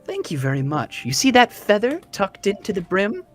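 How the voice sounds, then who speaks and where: A man voicing a chipper, courteous gentleman stranger with a sing-songy manner in a tabletop game. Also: high voice, wildly swooping pitch, moderate pace, faint music behind, pitched above the performer's own voice, heavily acted. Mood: proud.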